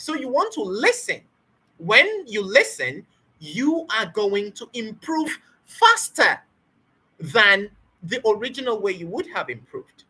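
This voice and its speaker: Lively, breathy woman coaching spoken English. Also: a little high, slow pace. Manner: emphatic, repetitive, asks rhetorical questions. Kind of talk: motivational teaching talk.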